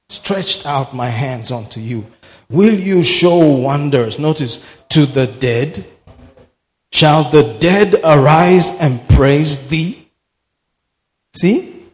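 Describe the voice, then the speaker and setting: A man preaching a sermon in a slow, deliberate cadence, his voice sitting a little high for a man. He is emphatic, sinking to quiet murmurs and then breaking into sudden shouts. The long reverb of a church hall trails after every line.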